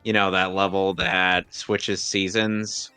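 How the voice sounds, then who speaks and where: Man streamer host, low-ish bright voice, rambly casual game chat, dry mic with faint music under. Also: level tone, smooth, dry recording. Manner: rambling, joking, halting restarts. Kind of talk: casual gameplay commentary.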